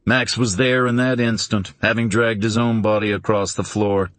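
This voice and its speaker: Low-voiced male audiobook narrator. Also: level tone, moderate pace, fairly bright tone. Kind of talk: scripted narration.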